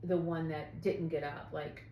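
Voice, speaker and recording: A middle-aged woman hosting a casual chat, talkative and quick to laugh, acting out what others said. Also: sits low, level tone, dull audio, a little hiss or hum. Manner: chatty, laughs often, acts out quotes. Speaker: podcast host. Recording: echoey room.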